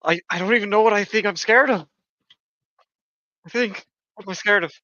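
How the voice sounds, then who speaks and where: A man takes his turn in a tabletop game, thinking aloud and hesitating. His voice is bright, but the recording is dull and lo-fi. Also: high voice, brisk, dry recording. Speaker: player.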